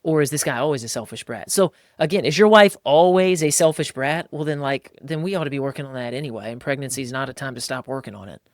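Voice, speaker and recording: A man hosting a podcast, talking in a casual, emphatic way and jumping into higher, livelier voices when he acts out quotes. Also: fast, hardly any pauses, dry recording, clean studio sound. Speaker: podcast host. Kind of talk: casual podcast talk on faith and marriage.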